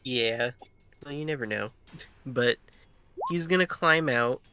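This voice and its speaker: Easygoing male tabletop player, bright and hesitant. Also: medium pitch, slow pace, slight background noise. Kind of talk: tabletop game chat.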